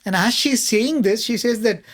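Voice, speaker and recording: A man, a panelist telling a spiritual story in a conversational way, often pausing with fillers and soft laughs. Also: extremely high pitch.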